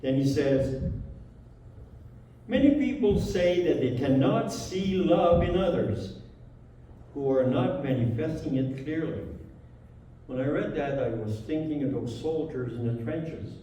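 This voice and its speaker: A native French speaker with a French accent gives a spiritual talk as a guest speaker in a large church hall, reading quotes aloud with feeling. His slightly high, expressive, warm voice moves at a measured pace. The recording is echoey, with him far from the mic and a little hiss or hum.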